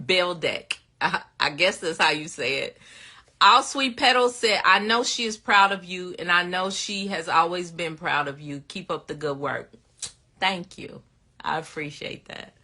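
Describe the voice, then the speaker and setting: Slow-talking bright-voiced woman host. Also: mid-range voice. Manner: chatty, greets viewers by name, laughs often. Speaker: livestream host answering viewer questions. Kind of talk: casual live chat.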